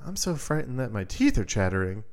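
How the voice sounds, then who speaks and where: A man voicing a frightened mother in a fairy tale, who speaks in a shrill and fearful way. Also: big pitch swings, a little fast. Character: frightened woman, a mother full of dread.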